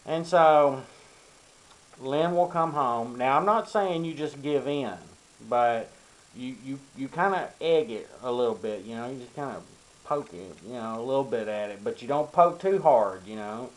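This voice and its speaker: A man's voice: mid-range voice, normal speed, low-quality recording. An older man from Arkansas, giving casual, rambling advice to young men, full of ums and you-knows. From Arkansas, USA. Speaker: vlogger. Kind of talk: casual advice talk to camera.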